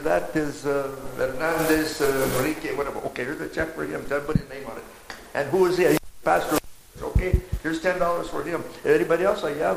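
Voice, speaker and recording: An older man, a missionary pastor, telling a testimony story in a rambling, halting way with many restarts. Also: on the high side, creaky, a little hiss or hum, poor audio.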